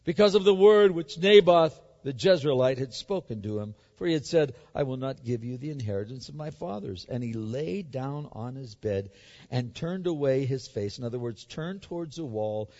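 A male pastor preaching a sermon, emphatic and animated, acting out the story as he reads it. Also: mid-range voice. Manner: animated, emphatic, acts out the scripture. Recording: echoey hall, dull sound.

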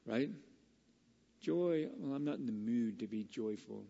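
A man preaching a casual, conversational Bible study sermon that builds to excited, emphatic peaks. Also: medium pitch, unhurried, gravelly, long reverb tail, muffled recording.

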